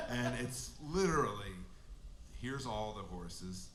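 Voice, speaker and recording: A man's voice: medium pitch, lively intonation, a little slow, fairly bright tone, a little hiss or hum. A male musician telling a casual, rambling anecdote between songs at a live venue, through a stage mic. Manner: rambling, amused storyteller. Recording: echoey live room with band.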